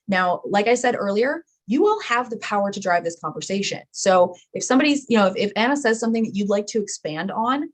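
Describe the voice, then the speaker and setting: A woman's voice: medium pitch, lively intonation, a little fast, few pauses. A woman hosting a live online chat, talking casually with many fillers and self-deprecating asides. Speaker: webinar host.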